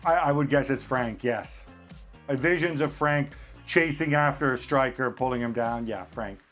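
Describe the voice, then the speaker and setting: A man from Italy with a mid-Atlantic English accent, talking as a football pundit in measured, wry panel chat. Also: mid-range voice, fairly bright tone, faint music behind.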